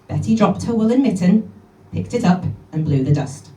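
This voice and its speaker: A woman's voice: medium pitch, expressive, moderate pace, mellow. A woman performing bawdy comic poetry live, with chatty asides between the rhymes. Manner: cheeky, bawdy rhyming delivery with chatty asides. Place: live venue with audience. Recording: echoey room from a distance.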